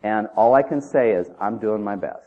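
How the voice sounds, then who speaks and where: A man's voice: lowish voice, moderate pace. A man preaching a sermon in an emphatic, conversational way, often asking the listeners questions. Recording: tinny phone-like audio.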